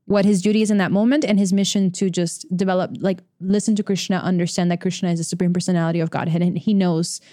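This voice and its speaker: Halting woman full of fillers. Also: lowish voice, steady tone, mellow, dry recording, studio quality. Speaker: discussion group member. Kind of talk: casual religious study chat.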